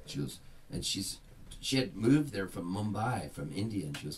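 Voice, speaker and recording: Lively male storyteller at a house gig. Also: deep voice, normal speed, distant mic, a little hiss or hum. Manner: animated, acts out the voices in his stories. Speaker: singer-songwriter performing a house concert. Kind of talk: live comic storytelling between songs. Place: indoors at a private house party.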